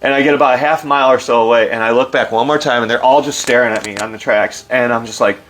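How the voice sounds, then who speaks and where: A middle-aged man with an animated storytelling manner, loose and full of fillers, acting out quotes in a livelier voice. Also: mid-range voice, quick pace, slight background noise. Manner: loose, filler-heavy delivery. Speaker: interview guest. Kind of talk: casual storytelling.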